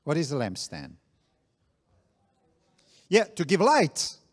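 A man preaching a sermon, slow and deliberate, repeating key phrases for emphasis. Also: a little high, wildly swooping pitch. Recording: long reverb of a large hall.

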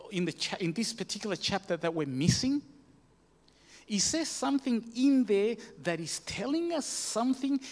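A man giving a sermon, telling a story with many fillers and restarts and rising emphatic peaks, in a church hall. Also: sits high. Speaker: preacher.

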